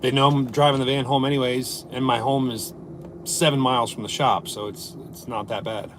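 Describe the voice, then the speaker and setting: A man's voice: medium pitch, steady tone, normal speed. Dude rambling and joking on a livestream in his van, faint engine hum behind. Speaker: livestreamer and service plumber. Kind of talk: casual live-stream chat, reading viewer comments. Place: inside a parked work van.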